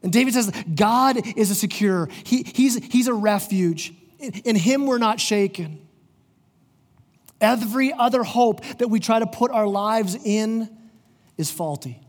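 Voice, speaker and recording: Preaching earnestly to his church, this middle-aged male pastor frequently starts his phrases over. He speaks in a high voice at an unhurried pace, and the sanctuary adds a long, hall-like reverb.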